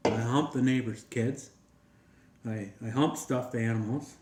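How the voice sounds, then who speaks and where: A man's voice: mid-range voice, unhurried, noisy background, lightly acted. A man voicing a big, proud male Great Dane in a told joke, in a boastful, hearty way. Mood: shameless. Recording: roomy echo.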